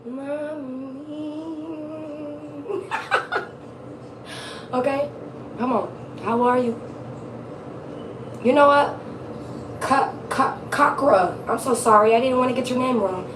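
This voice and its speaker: A woman's voice: sits high, slow, pauses often, far from the mic, background noise. A woman giving a casual live tarot reading, chatty and laughing often, swearing freely. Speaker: tarot reader. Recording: echoey room, off-mic.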